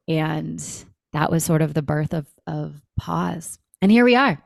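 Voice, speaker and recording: Low-voiced woman telling an animated story. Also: unhurried, vocal fry, dry recording, clean studio sound. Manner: animated, acts out quoted dialogue, frequent "like". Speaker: guest, breathwork company founder. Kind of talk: conversational storytelling.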